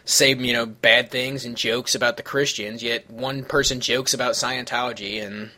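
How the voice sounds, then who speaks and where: A man hosts a casual podcast chat, rambling from tangent to tangent. He swears freely in a loose, offhand way. His voice sits at an ordinary pitch for a man. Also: fairly even intonation, normal speed, bright, forceful tone. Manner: rambling, profane, jumps between tangents. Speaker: podcast host.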